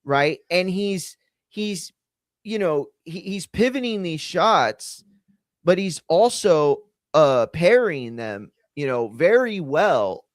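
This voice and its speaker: Male co-host, casual live-stream banter, slangy and jokey, slightly high voice, dry close mic. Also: very animated, takes it slowly, no echo. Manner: joking, loose slang, swears freely. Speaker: co-host of a live fight watch-along stream.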